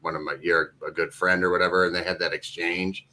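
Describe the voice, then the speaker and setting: A man chats casually on a podcast with a laid-back delivery. His voice is very deep, and his thoughts tend to trail off. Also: flat delivery, fairly quick, pushed and bright. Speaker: podcast co-host. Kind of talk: casual chat.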